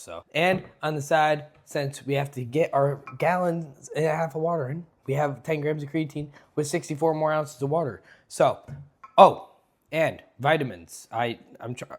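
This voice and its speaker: A young man talking casually to the camera in a fitness vlog, loose and jokey, swearing often and calling his viewers "boys". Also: mid-range voice. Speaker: fitness vlogger.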